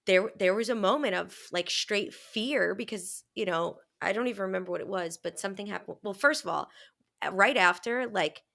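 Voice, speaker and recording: A young woman with a gravelly, creaky edge to her voice, chatting candidly on a podcast. She tells personal stories with animated swings and drops into casual swearing. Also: mid-range voice, moderate pace. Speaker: podcast co-host. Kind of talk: casual chat.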